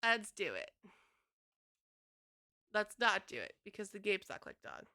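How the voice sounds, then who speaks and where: A woman's voice: medium pitch, huge pitch swings, unhurried, gravelly, sharp tone. A woman game streamer chatting casually to her live chat, rambling and swearing freely.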